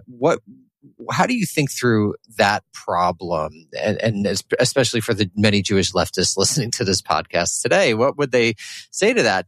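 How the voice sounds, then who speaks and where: A male podcast host with a fairly low voice winds his way through a long question, pausing and restarting as he goes. The recording is dry and close. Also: no echo. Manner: rambling, searching questions with restarts.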